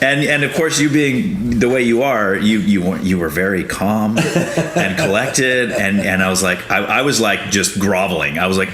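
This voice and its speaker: Podcast host, male, deep voice, animated storyteller who laughs a lot; roomy recording. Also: normal speed, hardly any pauses. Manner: laughs often, animated when telling stories. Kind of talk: casual interview chat, storytelling. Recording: roomy with faint noise.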